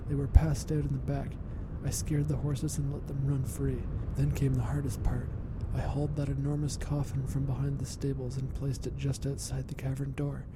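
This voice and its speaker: A man voicing a scheming, murderous young duchess in a hushed, conspiratorial way that sometimes turns to a hiss. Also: completely flat delivery, moderate pace, hardly any pauses, lightly acted. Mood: whispering. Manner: hushed, conspiratorial, hissing at times. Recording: rumbling background noise.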